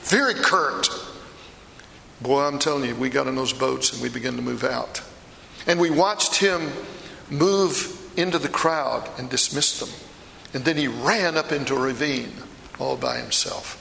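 Guy doing peter the apostle, blunt fisherman type, gravelly bright voice, big echoey church. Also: mid-range voice, measured pace, slight background noise, heavily acted. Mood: earnest. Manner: storytelling, emphatic, confiding asides. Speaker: preacher performing a first-person monologue. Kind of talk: dramatic monologue sermon. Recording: echoey hall with long reverb.

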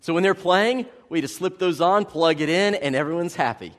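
A male pastor delivers a sermon with a high voice, chatty and joking, asking the congregation questions. His voice rings out with long reverb in a large church sanctuary. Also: normal speed. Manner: conversational, humorous preaching with asides to the congregation.

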